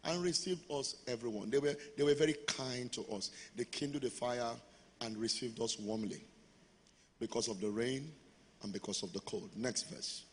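A man's voice: medium pitch, normal speed, breathy edge. A man preaching a sermon as pastor, leading the congregation in call-and-response. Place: large church hall. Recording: long hall reverb with music.

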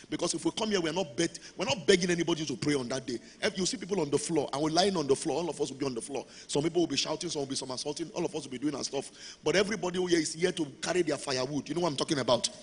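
A man's voice: fairly high pitch, breathy edge. A man preaching a sermon as pastor, leading the congregation in call-and-response. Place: large church hall. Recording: long hall reverb with music.

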